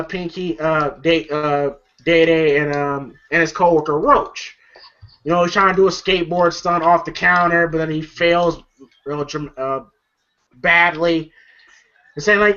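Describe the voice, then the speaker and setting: A movie reviewer retells a comedy scene by scene in a loose, rambling monologue full of fillers and casual swearing. The pitch sits in a middling range and often breaks into laughter. The sound is a bit dull and lo-fi. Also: a little slow, long pauses, bright, forceful tone. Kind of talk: casual film recap.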